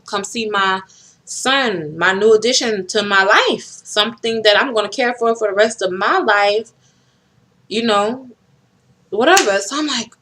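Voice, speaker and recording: Chatty young woman with drawl. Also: a bit bright. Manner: chatty storytelling with rising pitch in quoted speech. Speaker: vlogger. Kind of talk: casual chat to camera.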